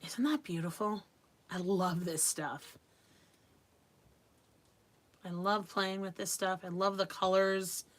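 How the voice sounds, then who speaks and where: A woman's voice: medium pitch, slow, long pauses. A middle-aged woman from Long Island hosting a live craft stream. She chats casually, laughs often, and talks while she works. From Long Island, New York.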